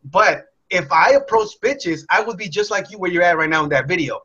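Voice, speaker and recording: A young man telling a candid personal story in a blunt, profane, animated way. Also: high-pitched, fairly quick, slightly rough. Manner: profane, blunt, animated, acts out his past self. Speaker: motivational speaker. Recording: dull lo-fi sound.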